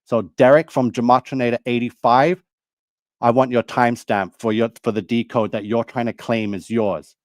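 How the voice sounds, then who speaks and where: A man's voice: mid-range voice, fairly even intonation, normal speed, dry recording. A man delivering a heated, accusing monologue to his video audience, repeating himself as he lays out his grievances. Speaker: video creator. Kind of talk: angry monologue to camera.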